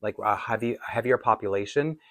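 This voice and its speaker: Chatty man, low voice. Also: brisk, fairly bright tone, no room sound. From Toronto, Canada. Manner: rambling, self-deprecating, chuckles often. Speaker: doll collector vlogger. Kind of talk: casual chat.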